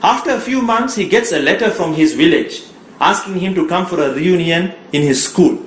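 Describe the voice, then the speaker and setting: A man preacher telling a moral story in a sermon, dramatic, swinging between loud and hushed. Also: high-pitched, lively intonation, moderate pace, reverberant, slight background noise, poor audio.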